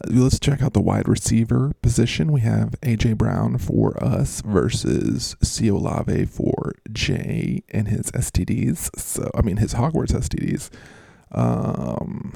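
A man hosts a fantasy football show, chatting casually and joking as he goes. His voice is low and gravelly with a dark, mellow tone, and it sounds dry and close. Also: dry recording. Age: adult, works as a schoolteacher. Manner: jokey and rambling, with frequent laughs. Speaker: fantasy football podcast host. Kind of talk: casual chat.

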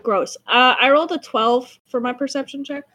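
A woman's voice: sits high, normal speed, bright, forceful tone. A woman chatting casually as a player in a tabletop game, hesitating with fillers. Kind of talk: casual play chat.

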